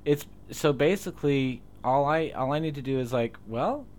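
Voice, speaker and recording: A man's voice: medium pitch, normal speed, a little mellow. Easygoing man with faint background noise. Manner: easygoing, laughs often, tells personal stories. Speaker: podcast co-host. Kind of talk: casual chat.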